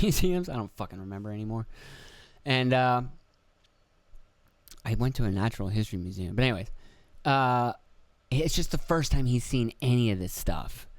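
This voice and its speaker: A man's voice: mid-range voice, no room sound. A man in his thirties from Pennsylvania, hosting a podcast and telling rambling, profane stories about family outings, acting out the voices of the people in them. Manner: profane, rambling storyteller who acts out quoted voices. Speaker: podcast host. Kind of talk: casual rambling monologue.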